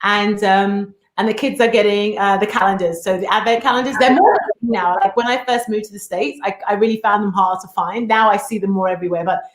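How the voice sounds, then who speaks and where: Animated woman, roomy echo. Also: medium pitch, fairly quick, hardly any pauses. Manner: animated, exclamatory, playful teasing. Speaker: podcast co-host. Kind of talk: casual chat. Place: home in the States.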